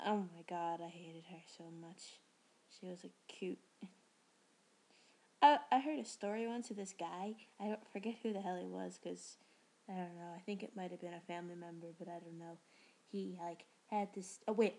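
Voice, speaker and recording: A woman's voice: mid-range voice, slight background noise. A teenage girl from New York talking casually in a rambling, chatty way, swearing now and then. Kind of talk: casual voice meme monologue.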